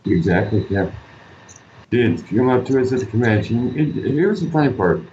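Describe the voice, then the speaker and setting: A man's voice: medium pitch, animated, normal speed, warm tone, slight background noise. A man, an artist guest in an interview, telling stories in an earnest, rambling way. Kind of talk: casual interview talk. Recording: roomy, dull lo-fi sound.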